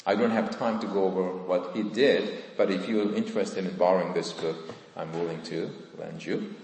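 A man preaching a sermon in church, earnest and deliberate, with emphatic rises on key points. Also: deep voice, fairly even intonation, darkish tone. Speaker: pastor. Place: church sanctuary. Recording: echoey church hall.

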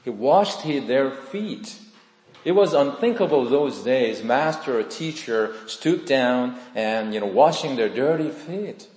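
A male pastor delivers a sermon in a very lively voice that rises and falls widely in pitch. He moves between loud, emphatic lines and soft, hushed ones. His voice rings through a big, reverberant hall with a long, roomy echo. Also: slow pace.

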